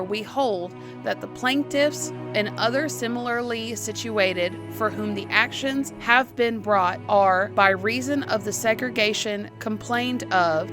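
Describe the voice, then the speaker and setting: A woman's voice: mid-range voice, lightly acted. A woman reading as a stately male chief justice. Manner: slow, formal legal reading. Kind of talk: podcast skit reading.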